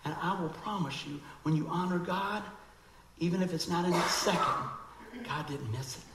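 A man preaching a sermon in an animated, conversational way, acting out quoted voices. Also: a little high, normal speed, roomy sound, heavy background noise.

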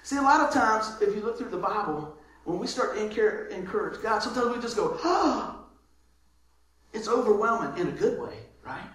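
A man preaching a sermon as pastor, lively, moving between loud calls and soft asides. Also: sits high, a little fast. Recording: very echoey room with faint noise.

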